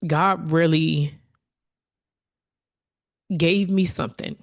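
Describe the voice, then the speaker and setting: A woman's voice: sits low, fairly even intonation, extremely slow, gravelly. A woman hosting her own podcast, talking in a candid, conversational way and openly admitting her emotions. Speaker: podcast host. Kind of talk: reflective solo podcast talk.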